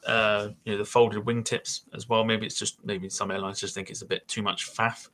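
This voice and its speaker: A man's voice: on the low side, little pitch movement, normal speed, a bit bright, rough recording. A man hosting a podcast, thinking aloud in casual chat with many hesitations. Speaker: podcast host.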